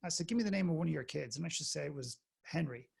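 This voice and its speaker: An Irish man tells a story as a podcast guest. His voice is gravelly and a bit husky, and he acts out each character in turn. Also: on the high side, racing. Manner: animated anecdote-telling, acts out the people in his story. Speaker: podcast guest, inspirational speaker. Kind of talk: storytelling in a conversational interview.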